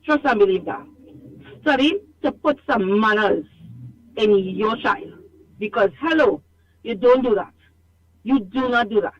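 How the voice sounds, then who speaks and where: A woman's voice: a little high, measured pace, long pauses. A Trinidadian woman calling in to a radio show, talking emphatically and scolding, repeating herself for stress, over a phone line. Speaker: radio call-in caller. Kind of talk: animated call-in complaint.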